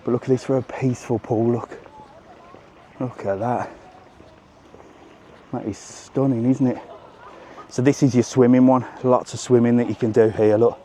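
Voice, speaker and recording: A man's voice: mid-range voice, normal speed, pauses often, a little hiss or hum. Chatty man on a walking tour. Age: middle-aged. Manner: chatty, animated, keeps saying "look". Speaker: travel vlogger. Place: outdoors around a hotel resort.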